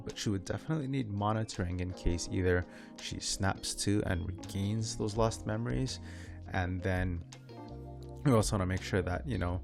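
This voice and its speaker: A man's voice: deep voice, creaky. A man guesting on a podcast as a therapist, explaining things at length in a thoughtful way. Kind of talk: casual podcast chat.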